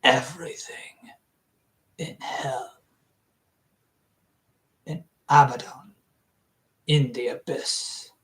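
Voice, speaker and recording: Reader voicing a massive, terse warrior, low and hushed, slow and grim. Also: fairly even intonation. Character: huge quiet man bent on a hopeless war.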